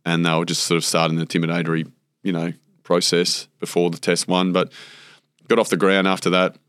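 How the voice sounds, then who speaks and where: A man's voice: deep voice, monotone, a little fast, fairly bright tone, clean tone, dry recording, clean studio sound. An Australian man, a former cricketer, chatting as a guest and telling rambling stories full of fillers and acted-out quotes. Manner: rambling anecdotes with many fillers, acts out quotes. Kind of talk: casual storytelling interview.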